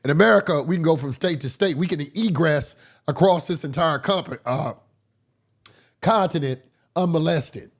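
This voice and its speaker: Hoarse, blunt man lecturing with a cold. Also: a little high, normal speed. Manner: blunt, profane, preachy. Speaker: online course instructor. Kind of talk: casual livestream lecture.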